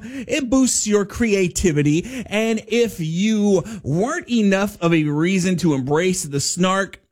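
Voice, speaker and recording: A man hosting a morning radio show, upbeat and joking with quick asides. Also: high voice.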